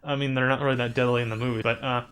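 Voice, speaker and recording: A man hosting a gaming channel, chatting casually and rambling through gameplay commentary with sudden excited exclamations. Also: mid-range voice, very fast, smooth.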